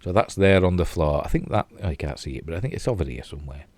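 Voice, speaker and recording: An older man with a broad Yorkshire accent chats his way through a TV review. His voice sits very low, and the sound is close and dry with no room around it. He rambles with plenty of fillers and mocks himself as he goes. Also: lively intonation, quick pace, darkish tone, dry recording. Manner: chatty and self-mocking, with frequent fillers and asides. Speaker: TV show reviewer. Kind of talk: casual rambling review while replaying clips.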